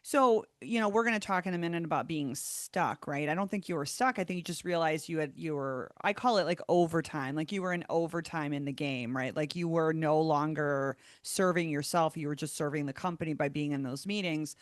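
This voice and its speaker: A woman's voice: sits low, brisk, hardly any pauses, no echo, studio quality. A woman hosting a podcast interview, upbeat and chatty, often laughing along with her guest. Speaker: podcast host. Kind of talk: casual interview.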